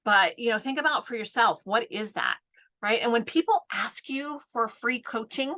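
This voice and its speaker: Bright, chatty woman coach. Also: fairly high pitch, lively intonation, moderate pace. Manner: chatty, laughs often, keeps asking "right?". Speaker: business coach. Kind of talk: live-stream coaching talk.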